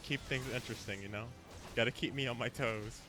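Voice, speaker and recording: A man's voice: mid-range voice, fairly even intonation, brisk, music in the background. A man streaming a game, chatting casually with viewers and laughing often. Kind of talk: casual live-stream chat.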